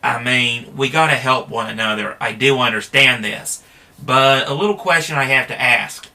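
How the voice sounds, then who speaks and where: A man's voice: mid-range voice, normal speed, pushed and bright. A man talking in a casual, rambling monologue, plain-spoken, with frequent fillers and restarts.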